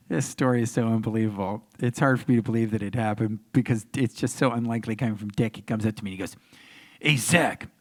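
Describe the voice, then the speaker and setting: A man in his sixties telling stories as a panel guest, animated and acting out the other voices in them. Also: lowish voice, fast. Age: 60s. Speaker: actor guest on a convention panel. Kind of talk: anecdotal Q&A storytelling. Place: convention panel room.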